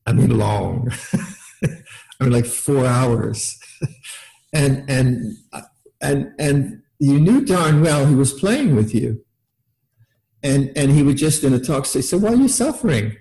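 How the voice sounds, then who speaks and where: A man's voice: takes it slowly, gravelly, long pauses, dark tone, rough recording. Older man giving a laughing, rambling dharma talk. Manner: laughs often, repeats words, acts out quotes in a high voice. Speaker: meditation teacher.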